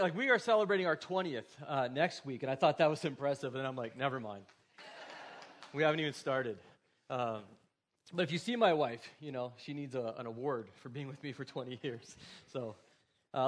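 A man's voice: mid-range voice, a little fast. A man in his forties preaching a sermon as pastor, in a casual, joking, conversational way.

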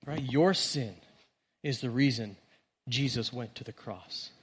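A man preaching a sermon to his church, earnest, rising on key words and dropping soft at the ends of phrases. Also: mid-range voice, measured pace, breathy edge. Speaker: pastor.

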